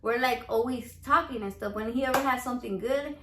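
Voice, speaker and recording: A Mexican American woman with a Chicano English accent hosts a casual home cooking vlog. She talks in a brash, playful, profane way, and her voice sits a bit high. The sound bounces around a roomy home kitchen. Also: fairly quick, background noise. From United States, Mexican American. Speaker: home cook and salsa seller. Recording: echoey room.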